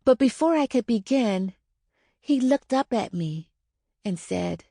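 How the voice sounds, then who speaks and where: Slow, dry-voiced woman author reading. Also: lowish voice, mellow, dry recording. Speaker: author narrating her own book. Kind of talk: audiobook narration.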